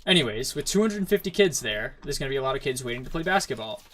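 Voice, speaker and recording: A man's voice: medium pitch, animated, fast talker, a bit bright. A young man, chatting casually on a gaming stream and telling a long, rambling story packed with "like". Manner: rambling storyteller, heavy use of "like". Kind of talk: casual chat while gaming.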